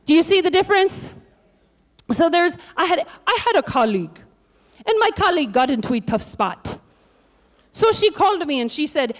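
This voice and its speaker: A woman pastor preaching a lively, conversational sermon with joking asides. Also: high-pitched, fairly quick.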